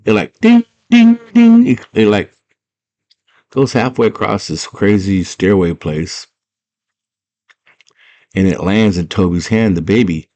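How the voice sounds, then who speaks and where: A young man excitedly retelling a fantasy movie scene by scene, full of slang and filler words. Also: fairly low pitch, measured pace, long pauses. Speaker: movie fan retelling a film. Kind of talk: casual chat.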